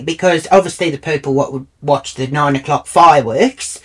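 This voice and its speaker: A woman's voice: low voice, normal speed, few pauses, breathy edge. A middle-aged woman with an Australian accent telling a comic story in a brash, foul-mouthed, indignant way. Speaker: comedic storyteller. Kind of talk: comic monologue.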